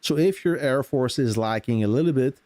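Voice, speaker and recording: A man hosting a game live stream, greeting chat viewers and explaining game mechanics in relaxed casual talk. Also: medium pitch, moderate pace, dry recording.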